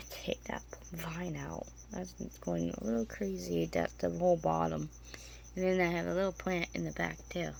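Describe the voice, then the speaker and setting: Woman, casual vlog chat, gravelly fry, rambling, faint crickets behind. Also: fairly low pitch, a little mellow. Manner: rambling, chatty, coos baby talk to her spiders. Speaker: tarantula keeper vlogger. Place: home room with spider enclosures. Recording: faint insect noise behind.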